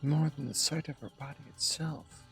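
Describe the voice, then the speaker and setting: A male streamer reading a visual novel aloud in the first person, with tense, halting delivery. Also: fairly high pitch, steady tone, creaky, a bit bright, faint music behind.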